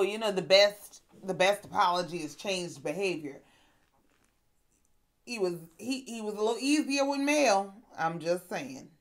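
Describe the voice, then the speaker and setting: In a casual reality TV recap, a woman host with a medium-pitched voice offers commentary. She's sassy and animated as she tells the story, acting out the quotes.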